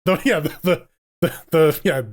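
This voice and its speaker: On a casual gaming news podcast, a male co-host rambles along, restarting often and swearing casually. His voice is a little high and his pace moderate.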